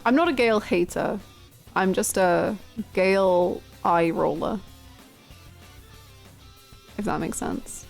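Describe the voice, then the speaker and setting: A woman's voice: medium pitch, takes it slowly, vocal fry, long pauses, faint music behind. A woman game streamer chatting casually with viewers, laughing often and swearing freely.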